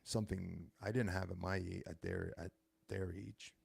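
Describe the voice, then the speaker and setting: A man in his thirties hosts a casual monologue, rambling along and often stopping to fix his own words. His voice sits fairly low and has a gravelly fry to it. The sound is close and dry, with no room around it. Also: level tone, normal speed, no room sound. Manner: rambling, self-correcting storytelling. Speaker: host.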